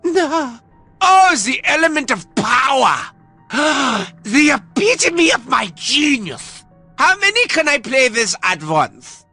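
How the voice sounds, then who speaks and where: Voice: high-pitched, sing-song, slow, bright, forceful tone, soft background music, exaggerated voice. A gloating mad scientist. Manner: theatrical, gloating, relishing. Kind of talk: video game voice lines.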